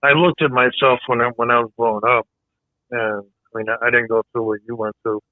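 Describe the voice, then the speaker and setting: Halting male guest on a phone line. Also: medium pitch, flat delivery, no room sound. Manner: halting and soft-spoken, with pauses and fillers. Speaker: guest, veteran. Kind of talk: casual interview conversation. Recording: thin phone-like line, dry.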